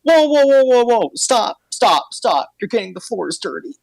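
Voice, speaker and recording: A man's voice: very high-pitched, sing-song, normal speed, gravelly, dry recording, voice pushed up, full character voice, rough recording. A man voicing a fussy, squeamish female gelatinous cube who works as a janitor, chatty and rambling.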